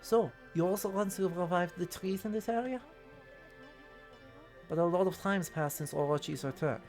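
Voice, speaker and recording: A man voicing a vain, flamboyant male swordsman prophet in a deliberately awful fake French accent, reading with mock grandeur. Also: high voice, darkish tone, faint music behind. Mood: haughty. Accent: exaggerated fake French. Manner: theatrical, mock-grand reading of game lines.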